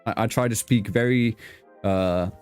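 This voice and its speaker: A man's voice: on the low side, unhurried, a little mellow, clear, resonant tone, faint music behind. A man hosting a casual video-call interview, with an accent mixing British and South African English, rambling, swearing casually and laughing often. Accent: mix of British and South African English. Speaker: host.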